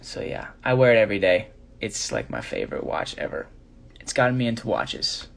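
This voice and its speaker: A man's voice: on the low side, fairly quick, creaky, slight background noise. A young man chatting casually on a live stream, rambling with many fillers as he shows his jewelry. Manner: rambling, filler-heavy, relaxed.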